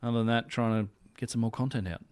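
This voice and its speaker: Relaxed man, stream guest. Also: medium pitch, quick pace, clean tone. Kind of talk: casual live-stream chat.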